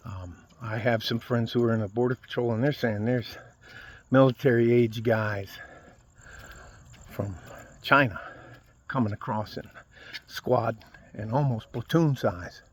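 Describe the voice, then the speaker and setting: A man's voice: medium pitch, unhurried, pauses often. A man from the United States delivering a profane, heated political rant straight to his viewers. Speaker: video blogger. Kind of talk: angry political rant to camera.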